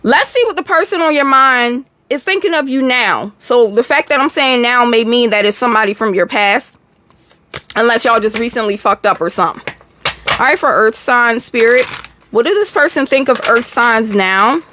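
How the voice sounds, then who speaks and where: A woman's voice: a little high, moderate pace, pushed and bright, a little hiss or hum. A young woman with a Texan accent, chatting casually with viewers while doing a live tarot reading. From Texas. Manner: chatty, slangy, talks to chat, laughs often. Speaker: tarot reader.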